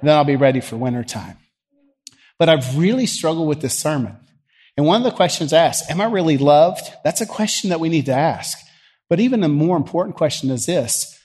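A man's voice: fairly high pitch, darkish tone, breathy edge. A man with a Southern US accent, a pastor leading prayer and preaching in a folksy, teasing, conversational way, worn out by allergies. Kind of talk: sermon and prayer. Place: church sanctuary.

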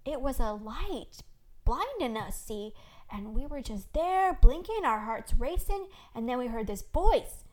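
A woman's voice: on the high side, very animated, measured pace. A woman reading a skinny young shepherd's lines in a storybook reading, with an eager tone. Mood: excited.

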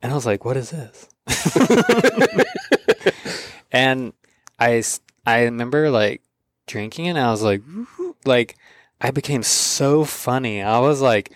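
A man hosting a casual podcast chat, spinning animated stories and acting out the voices of the people in them. His voice sits at an average pitch, recorded dry and close. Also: slow pace, long pauses, no echo. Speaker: podcast host.

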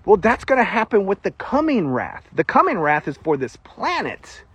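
Southern US male preacher, casual sermon delivery, self-deprecating and quick to laugh, higher-pitched voice with a husky texture. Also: wildly swooping pitch, fairly bright tone, no echo.

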